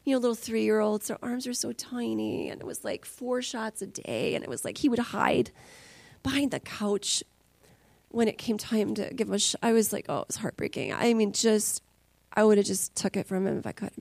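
A woman's voice: medium pitch, normal speed, vocal fry, darkish tone, no echo. A woman preaching a sermon as a conversational, emotional testimony, dropping at times to near whispers.

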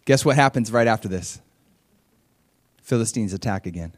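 A man's voice: fairly low pitch, normal speed. A man preaching a sermon in a conversational style, reading scripture and animatedly acting out the voices of the people he describes. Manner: conversational, animated, acts out quotes. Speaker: pastor.

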